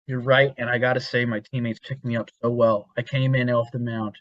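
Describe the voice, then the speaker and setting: A man's voice: medium pitch, flat delivery, fairly quick, no echo. A young man co-hosting a podcast, telling long rambling stories with frequent laughs and casual swearing. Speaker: podcast co-host. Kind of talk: casual chat. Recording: dull dry lo-fi sound.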